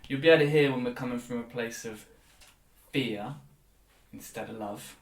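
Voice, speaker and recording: A man's voice: mid-range voice, normal speed. A man co-hosting a podcast, giving blunt opinions in casual chat and swearing freely. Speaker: podcast co-host. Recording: roomy, distant from the mic, faint noise.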